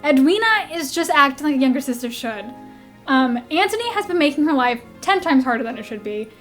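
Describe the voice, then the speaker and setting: A young woman vlogger reacting casually, talking in an animated, blunt and sweary way. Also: high-pitched, fairly quick, soft background music.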